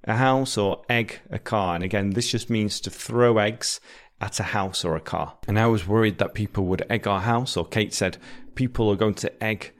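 British guy teaching english phrases, lowish voice, calm and clear. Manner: clear, patient, repeats example sentences slowly. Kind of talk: explaining vocabulary to learners.

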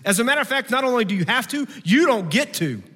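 A man preaching a sermon to a campus gathering, swinging between fervent raised passages and hushed, pleading ones. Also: very high voice, very animated, fast talker. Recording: long hall reverb.

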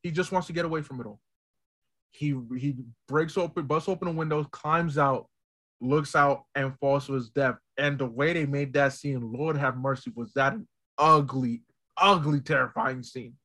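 A man co-hosting a casual podcast, retelling film scenes in an animated, excitable way. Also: medium pitch, moderate pace. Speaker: podcast co-host.

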